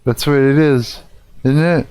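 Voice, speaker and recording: A man's voice: mid-range voice, fairly even intonation, measured pace, a little mellow, smooth. A man live-streaming, reacting casually to a video, laughing often and swearing as he thinks aloud.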